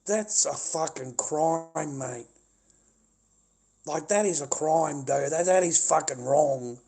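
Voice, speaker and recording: A man's voice: fairly high pitch, takes it slowly, vocal fry, darkish tone, breathy edge. A middle-aged man ranting angrily on a livestream, swearing and repeating himself. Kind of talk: angry livestream rant.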